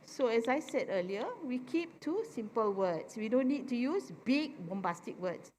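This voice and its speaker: A woman with a Malaysian English accent speaking at a live forum, often ending her points with "right?" in an animated teaching tone. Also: on the high side, normal speed, a little hiss or hum. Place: convention centre forum stage.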